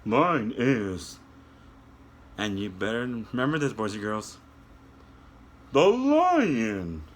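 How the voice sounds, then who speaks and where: A man's voice: medium pitch, sing-song, takes it slowly. A man doing a proud male lion.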